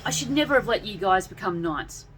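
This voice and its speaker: A woman's voice: medium pitch, expressive, fairly quick, fairly bright tone, slight background noise, lightly acted. Brooding young leader, guilt-ridden, read by a woman. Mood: despairing. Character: troubled young male leader knight.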